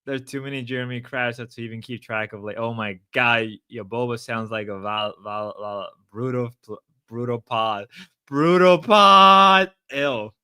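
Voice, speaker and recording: A young man hosting a livestream, loud, erratic and crude as he riffs at chat. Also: medium pitch, flat delivery, normal speed, clear, resonant tone, no echo. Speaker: livestream host. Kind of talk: casual stream chat.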